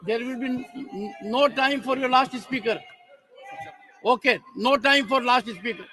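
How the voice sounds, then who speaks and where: A man presiding over a parliamentary debate, briskly cutting speakers off with repeated clipped thank-yous. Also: extremely high pitch, bright, forceful tone, soft background music. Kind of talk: chairing a debate. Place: large legislative chamber. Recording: long reverb of a large chamber.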